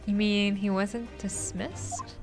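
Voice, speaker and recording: A woman's voice: mid-range voice, lively intonation, slow. A woman reading a polite young male detective with formal, courteous questions, game music behind. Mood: earnest.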